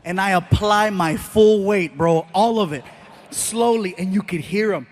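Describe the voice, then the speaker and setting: A man doing stand-up comedy on stage into a handheld mic. He tells animated stories with sound effects. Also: sits high, unhurried.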